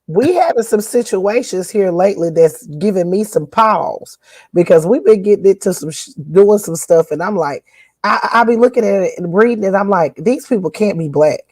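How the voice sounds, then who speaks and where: A woman from northern Louisiana with a northern Louisiana accent, co-hosting a podcast in casual chat, folksy and animated with old-fashioned country sayings. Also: mid-range voice, moderate pace, no room sound, low-quality recording. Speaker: podcast co-host.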